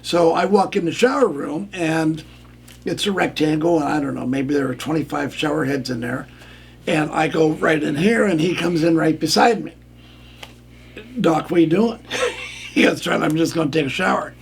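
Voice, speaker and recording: A man's voice: fairly high pitch, normal speed, creaky, slight background noise. An older man, a former referee, telling a candid story on a radio show in a plainspoken way and acting out what others said. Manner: plainspoken, acts out quoted lines.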